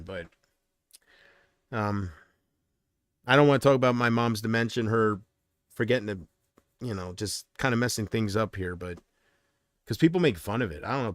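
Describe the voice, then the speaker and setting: A man's voice: medium pitch, dry recording, studio quality. A man chatting casually on a livestream, rambling and answering viewer comments.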